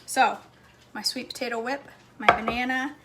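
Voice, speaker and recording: A woman's voice: on the high side, fairly even intonation, normal speed, bright, forceful tone, slight background noise. Chatty woman cooking at home. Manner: chatty, talks to her dog between steps. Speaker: cooking vlogger. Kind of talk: casual kitchen vlog. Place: home kitchen.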